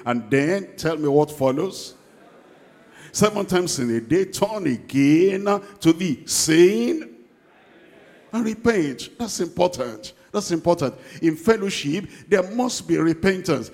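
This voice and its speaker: A man preaching a sermon, emphatic and repeating his key points, slowing down to read scripture aloud. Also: on the high side, darkish tone, big-room sound.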